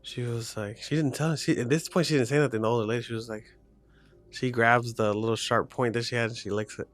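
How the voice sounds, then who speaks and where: A man's voice: mid-range voice, steady tone, fast talker, fairly bright tone. A man casually retelling a horror story, rambling with lots of "like" fillers and restarts.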